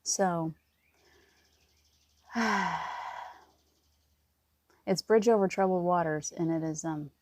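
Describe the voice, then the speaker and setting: A woman giving gentle spiritual encouragement in casual live talk, rambling with restarts and often near tears. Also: fairly low pitch, measured pace, no room sound. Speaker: spiritual reader.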